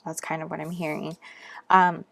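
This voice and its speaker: A woman's voice: low-pitched, flat delivery, moderate pace, vocal fry, a bit bright. A woman giving a casual, intuitive tarot reading, chatty and rambling with lots of fillers, a little out of breath. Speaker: tarot reader.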